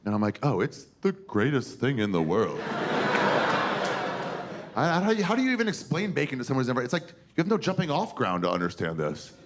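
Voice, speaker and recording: A man in his forties doing a crude, animated stand-up comedy set on a theater stage, acting out characters as he tells stories. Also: medium pitch, a little fast. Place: theater stage before a live audience. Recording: noisy live room with audience laughter.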